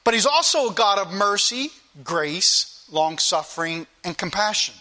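A man's voice: high-pitched, expressive, a little slow, bright, forceful tone. A man preaching a sermon with emphatic, repetitive delivery and direct appeals to the congregation.

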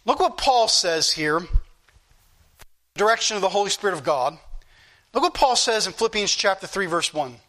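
A male preacher with a high, bright voice delivers an earnest sermon. He keeps returning to the same points and reads scripture aloud before explaining it to the congregation. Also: very animated, normal speed, long pauses.

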